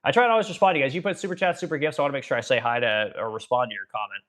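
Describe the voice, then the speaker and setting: Fast-talking, profane livestream ranter. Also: male voice, medium pitch, a bit bright. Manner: blunt and profane, rambling with frequent asides to viewers. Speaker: live-stream host reading viewer comments. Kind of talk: casual political rant on a live stream.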